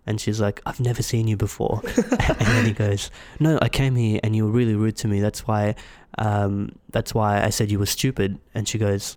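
A man's voice: on the low side, brisk, hardly any pauses, no room sound. A man telling a story in casual chat, acting out each person's lines. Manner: animated storytelling, acting out dialogue.

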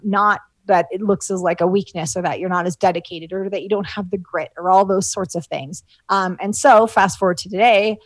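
A woman's voice: mid-range voice, no room sound. A woman business coach telling personal stories in an interview, with many fillers and restarts, moved at times. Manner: warm storytelling, frequent fillers, gets emotional. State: tearful at times. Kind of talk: conversational interview.

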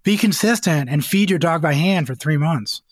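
A chatty man guest tells long stories and acts out what he says. His voice sits a little high. The sound is dry and close. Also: moderate pace, no room sound. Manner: rambling, animated, acts out scenes. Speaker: guest, dog breeder. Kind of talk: casual interview chat.

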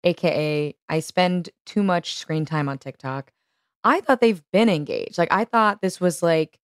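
A woman's voice: on the low side, a little slow, clear, resonant tone, dry recording, clean studio sound. A young woman, a podcast producer co-hosting, chatting casually with frequent giggles and self-deprecating asides. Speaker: podcast producer and guest co-host. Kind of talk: casual comedic chat.

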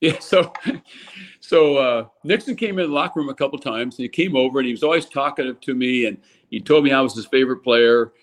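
A man's voice: mid-range voice, brisk. An older man from California, a former ballplayer, telling anecdotes casually and animatedly, with many restarts. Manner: animated anecdote teller, lots of restarts, voices people in quotes. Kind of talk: casual storytelling.

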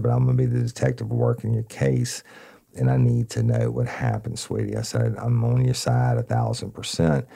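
Gravelly deep-voiced storyteller man. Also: dark tone. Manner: folksy, addresses listeners directly. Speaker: podcast host and former detective. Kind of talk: true-crime storytelling.

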